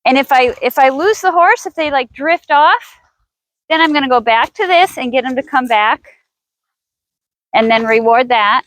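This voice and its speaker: A woman's voice: high voice, moderate pace, a bit bright, no room sound, rough recording. A woman horse trainer teaching outdoors in a riding arena, chatty and thinking aloud with restarts as she coaxes her horse.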